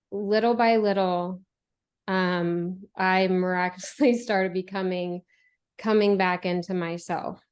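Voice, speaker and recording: A woman's voice: medium pitch, smooth. A woman telling her recovery story as an interview guest, earnest and chatty, with many fillers and restarts. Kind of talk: candid conversational storytelling.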